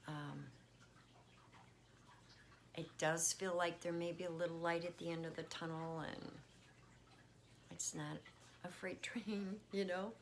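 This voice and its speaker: Low gravelly woman chatting casually. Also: steady tone, slow pace, long pauses, slight background noise. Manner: chatty, warm toward her pets, frequent fillers. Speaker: spiritual vlogger. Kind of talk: casual check-in chat. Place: at home with pets.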